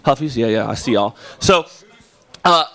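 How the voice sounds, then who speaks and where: A man's voice: mid-range voice, expressive, moderate pace, sharp tone. A young man preaching a sermon, praying and then telling a casual story full of "like" and filler words. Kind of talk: sermon with opening prayer and personal story. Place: church or youth service hall.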